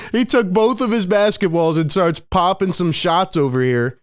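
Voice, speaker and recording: A man talks through a basketball recap for his channel in a loose, excitable way. He laughs easily and slips into voicing the players he quotes. His voice sits a little high for a man. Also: clear, resonant tone, dry recording. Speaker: sports video host. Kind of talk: casual game recap commentary.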